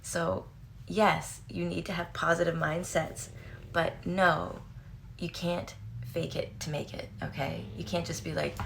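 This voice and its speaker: A woman's voice: lowish voice, a little slow, gravelly, slight background noise. A woman in her thirties talking frankly and casually to camera, swearing freely, laughing often and acting out quoted voices. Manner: animated, acts out quoted voices. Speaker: vlogger.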